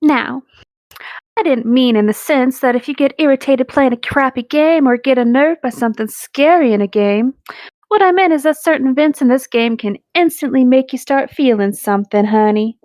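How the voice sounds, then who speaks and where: A woman putting on a sugary Southern belle customer service voice with a soft Southern accent, calling people honey and sugar. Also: high voice, normal speed, no room sound, voice pushed up, natural voice. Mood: drawling.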